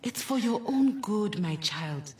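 A woman's voice: medium pitch, lively intonation, takes it slowly. A woman playing a worried, soothing mother with a South African accent, pleading and consoling. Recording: distant mic, faint music.

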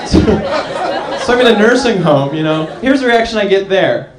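A man doing a stand-up comedy set, telling jokey stories with an animated, laughing delivery. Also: high voice, normal speed, heavy background noise. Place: comedy club stage before a live audience. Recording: echoey club with crowd.

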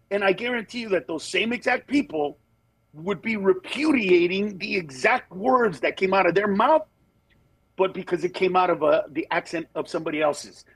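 A man's voice: high-pitched, a bit bright, breathy edge, no room sound, rough recording. A middle-aged male comedian telling stories on a call, animatedly acting out quoted voices with laughs. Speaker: comedian guest. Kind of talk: phone interview chat. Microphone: phone line with Bluetooth.

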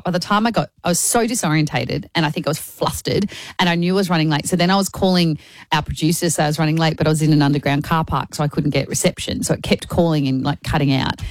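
A woman co-hosting a radio show, telling a story in an animated, rambling way from the studio. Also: low-pitched, dry recording. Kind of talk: breakfast radio chat. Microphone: studio microphone.

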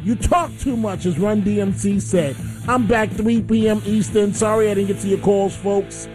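A man hosting a call-in radio talk show, telling a story in a lively way and acting out his own shouts. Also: high-pitched, normal speed, over music. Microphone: studio microphone.

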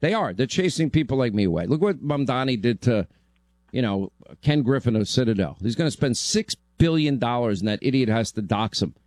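A man's voice: medium pitch, expressive, brisk, a little mellow, no echo. A man hosting a talk radio show, talking bluntly and joking around with a guest.

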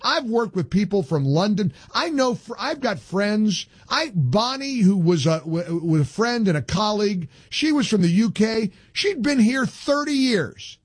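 A man's voice: sits high, very animated, unhurried, hardly any pauses, husky, dry recording. A man hosting a talk radio show, combative and insistent, hammering points home by repeating phrases.

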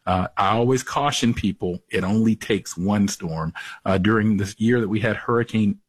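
A male meteorologist answering questions on a radio interview in a measured, explanatory way. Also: lowish voice, slightly rough, no room sound, poor audio. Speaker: meteorologist guest.

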